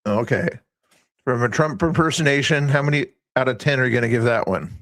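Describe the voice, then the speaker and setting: A man's voice: medium pitch, fairly quick, fairly bright tone, dry recording. Rambling man hosting a late-night stream. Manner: rambling, chatty, reads chat aloud. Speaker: livestream host. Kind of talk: casual livestream chat.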